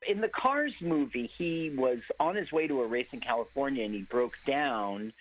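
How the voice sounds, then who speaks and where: A man chats casually on a radio show, reviewing a movie and circling back through his sentences. His pitch swings widely. It is a broadcast studio recording. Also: normal speed, poor audio. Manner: animated, rambling, restarts often. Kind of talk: casual movie commentary chat.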